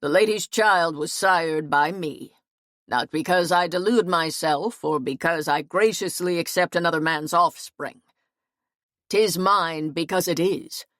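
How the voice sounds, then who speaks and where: A woman narrator voicing a stern, commanding medieval lord who speaks with measured, cold authority. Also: on the low side, a bit bright, no room sound, studio quality.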